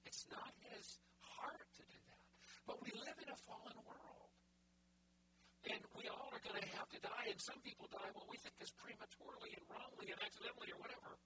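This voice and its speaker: A pastor preaching a sermon in a soft, breathy way that often drops close to a whisper. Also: mid-range voice, brisk. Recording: noisy recording with a hum.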